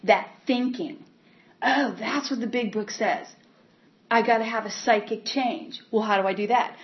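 A woman giving a candid personal testimony about her recovery, talking in a halting way with many repeats and fillers. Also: on the high side, a little hiss or hum. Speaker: speaker sharing her recovery story. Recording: dull lo-fi recording.

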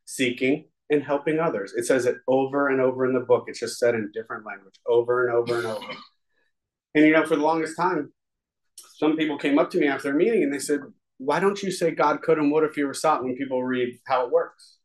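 A man with a mid-range voice speaks briskly, captured in poor audio, as he shares his testimony at a recovery meeting. Earnest and confessional, he rambles conversationally and fills his speech with fillers.

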